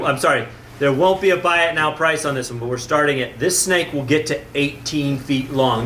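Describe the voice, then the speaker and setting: Man, animal-center owner, excitable, stumbles over words, bright tone, faint room ambience. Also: fairly high pitch, slight background noise. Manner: enthusiastic, gets emotional. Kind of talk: casual video talk to viewers.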